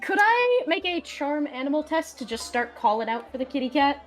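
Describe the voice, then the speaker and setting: A woman's voice: high voice, moderate pace. A woman playing a tabletop game, laughing often as she talks. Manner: giggly, lively. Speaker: player.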